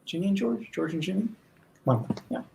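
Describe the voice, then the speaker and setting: Halting man explaining at length. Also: high voice, lively intonation, creaky, a little mellow, a little hiss or hum. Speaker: TV series creator, guest. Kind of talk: casual video-chat commentary.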